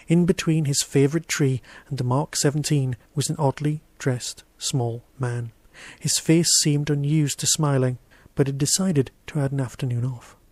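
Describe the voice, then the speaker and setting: A man's voice: mid-range voice, a little mellow, dry recording. Man reading a short story, dry. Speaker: podcast host reading his story. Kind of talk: audiobook-style story narration.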